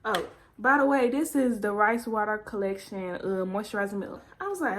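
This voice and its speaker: A young woman chatting casually in a vlog, telling a story in an animated way and acting out her own quotes. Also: fairly high pitch, brisk. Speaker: vlogger.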